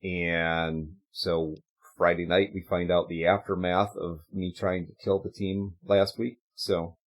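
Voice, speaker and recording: A man's voice: low-pitched, level tone, takes it slowly. A man co-hosting a casual gaming livestream, announcing upcoming shows in an upbeat, rambling way with fillers. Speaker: podcast co-host.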